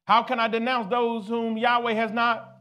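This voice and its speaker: Male pastor, high voice, call-and-response sermon to a congregation. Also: little pitch movement, moderate pace. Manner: preaching, rising to loud exhortation, calling for responses.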